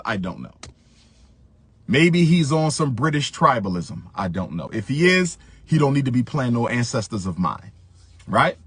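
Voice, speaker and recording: A man speaks in a preachy, deliberate way, leaning on repetition to drive each point home. His voice sits a little high and sounds husky. The recording is dry and close. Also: a bit bright, dry recording. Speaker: commentator in a viral video clip. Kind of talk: emphatic speech.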